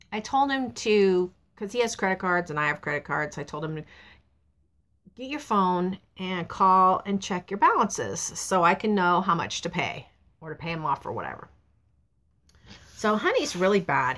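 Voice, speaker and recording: Outdoors at a truck stop, a middle-aged woman vlogger talks casually to her camera in a low but slightly bright voice. In this personal vlog she tells a family story in a chatty, rambling way, acting out what other people said.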